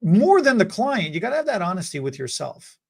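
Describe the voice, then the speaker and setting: Man with a slightly high voice co-hosting a casual podcast, earnest and repeating his points for emphasis. He speaks as a hairstylist who deals with clients. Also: very animated, brisk, gravelly, slightly rough.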